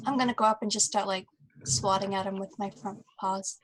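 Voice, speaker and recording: A woman's voice: medium pitch, steady tone, fairly quick, a bit bright. A woman playing in a tabletop game, speaking hesitantly with stammers. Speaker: player. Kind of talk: tabletop role-play.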